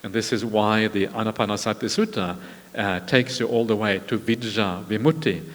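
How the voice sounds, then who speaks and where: A man giving a Buddhist meditation talk at a retreat, in a measured, unhurried way with frequent pauses. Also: on the low side, fairly even intonation. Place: large meditation hall. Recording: long reverb of a large hall.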